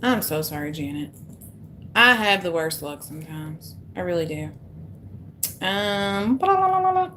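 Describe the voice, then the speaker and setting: A woman's voice: sits low, a little slow, pauses often, sharp tone. Woman tarot host, self-mocking casual banter, faint room hum. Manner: chatty, self-deprecating, talks to herself while fixing tech. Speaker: tarot reader hosting a live stream. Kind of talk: casual live-stream chat.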